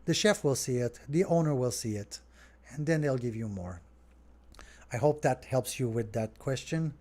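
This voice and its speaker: A man's voice: medium pitch, normal speed. A middle-aged French Canadian man from Montreal, talking casually and rambling a little as he answers viewer questions on his podcast. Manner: relaxed, rambling, talks straight to viewers. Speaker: restaurant owner hosting a Q&A.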